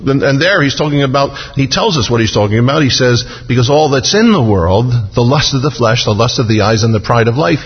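A male pastor preaching an expository sermon in a church sanctuary, slowing down to stress scripture. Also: fairly high pitch, husky. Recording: dull, reverberant hall sound.

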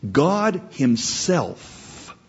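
A man's voice: a little high, very animated, very slow, slightly rough. A man preaching a sermon, telling a story with rising passion. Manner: storytelling, impassioned. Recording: dull lo-fi recording.

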